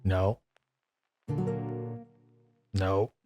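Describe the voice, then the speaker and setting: A man with a fairly low voice chats loosely on a stream, breaking off mid-sentence and laughing often. A guitar plays softly under his talk. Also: level tone, very slow. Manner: rambling, self-interrupting, laughs often. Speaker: musician streaming a songwriting session. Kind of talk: casual chat while playing guitar. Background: guitar playing.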